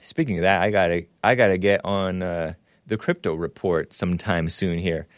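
A man's voice: deep voice, normal speed, dry recording. Rambling male talk show host, dry sound. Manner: rambling, laughs often, restarts mid-sentence. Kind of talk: casual call-in talk show.

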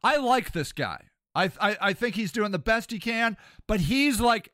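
A male host gives blunt, sarcastic reaction commentary, picking apart what he hears. His voice is high and bright. The close mic sounds dry. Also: lively intonation, normal speed, few pauses, no room sound.

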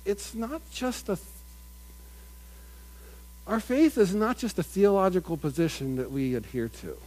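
Middle-aged guy preaching, kinda high voice, slow and earnest, gets loud on the big points. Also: animated, rough recording. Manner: earnest, builds up with rising emphasis, mimics crowd voices. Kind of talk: sermon.

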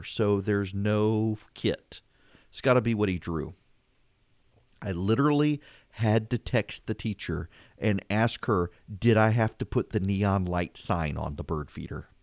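Middle-aged male talk host, casual storytelling, animated and self-deprecating, dead-dry studio sound. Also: on the low side, no echo. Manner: animated, self-mocking, voice rising when exasperated.

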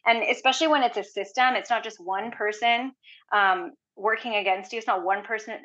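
A woman guest telling a story in casual conversation, chatty and animated, filling her talk with "like". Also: a little high, brisk. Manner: chatty, heavy use of "like", animated retelling. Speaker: podcast guest. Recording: dull lo-fi audio.

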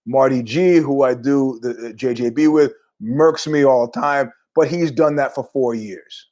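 A man's voice: mid-range voice, measured pace, darkish tone. A middle-aged man hosting a podcast, telling rambling, jokey stories in a casual monologue with asides. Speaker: podcast host.

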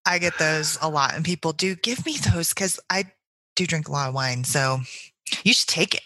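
Woman, very low voice, bright forceful tone, analytical, thoughtful, podcast co-host. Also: normal speed, no echo. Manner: thoughtful, analytical, builds long arguments. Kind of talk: casual literary discussion.

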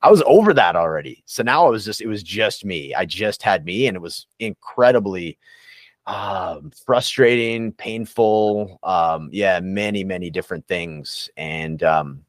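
Low-voiced man, candid and reflective. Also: animated, unhurried, dry recording, studio quality. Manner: reflective, candid, many fillers and restarts. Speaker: recovery coach guest. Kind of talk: casual podcast interview.

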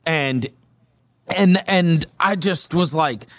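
A man telling a story in casual conversation as a guest, animated, acting out what people said, with lots of fillers. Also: fairly high pitch, slow pace. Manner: animated, acts out quoted dialogue, many fillers like "like" and "whatever".

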